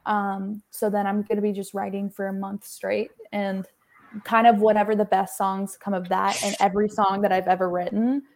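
Chatty young woman with a gravelly fry. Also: mid-range voice, little pitch movement, normal speed, darkish tone. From Texas. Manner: chatty, fills her talk with "like". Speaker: singer-songwriter guest. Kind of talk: casual interview chat. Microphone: remote call feed.

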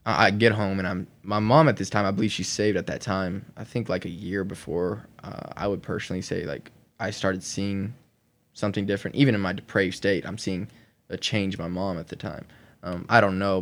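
A man's voice: low-pitched, creaky. A man from Oklahoma telling his own story on a podcast, rambling with many fillers and breaking into laughs between sentences. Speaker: guest sharing his testimony.

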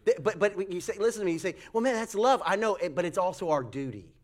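A man preaching a sermon, telling a folksy story with animated voices for the people in it. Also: fast. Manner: folksy, animated storytelling with acted high-pitched quotes. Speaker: pastor.

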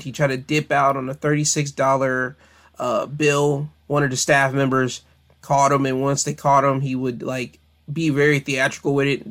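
A man hosting his own podcast, talking casually and directly to his listeners, chatty and friendly, rambling a little and correcting himself as he goes. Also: mid-range voice. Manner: relaxed, rambling delivery with fillers and self-corrections. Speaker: podcast host. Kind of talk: casual solo podcast monologue.

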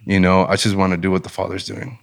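A man guest telling a personal story in a casual interview, animated and enthusiastic, with a relaxed manner. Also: low voice, fast, gravelly. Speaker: business owner and guest.

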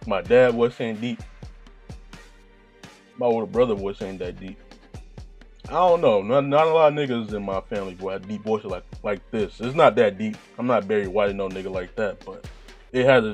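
A man with a deep voice talking in a rambling, profane, laid-back monologue, often laughing at himself. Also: a little fast, soft background music. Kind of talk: casual monologue.

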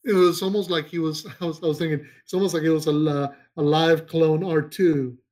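A man with a fairly high, darkish voice speaks briskly with a steady tone while co-hosting a casual podcast chat. He rambles, restarts, and searches for names as he goes.

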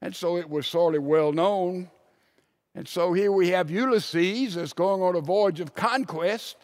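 A man preaching a sermon, telling stories and dropping from loud emphasis to a hushed voice. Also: high voice, measured pace. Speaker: pastor.

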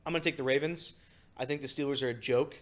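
A man's voice: medium pitch, steady tone, quick pace. A man on a sports talk panel in casual chat, blunt and matter-of-fact.

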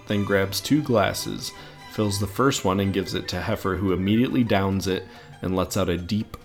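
A man co-hosting a podcast, casually retelling an episode idea with relaxed fillers. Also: deep voice. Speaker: podcast co-host.

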